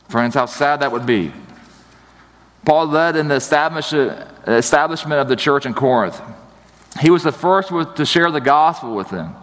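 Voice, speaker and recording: A man's voice: fairly high pitch, moderate pace, in a large hall. A man pastor in his thirties giving a sermon in a chatty, storytelling way, acting out the people in his stories. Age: 30s. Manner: conversational storytelling, animated.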